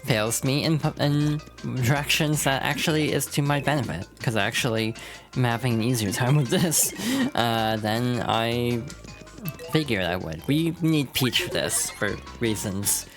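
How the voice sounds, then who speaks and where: Deep-voiced woman streamer chatting over gameplay. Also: measured pace. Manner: chatty, amused asides between reading game text. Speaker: VTuber streamer. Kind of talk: casual let's-play commentary. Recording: game music playing behind. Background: game music.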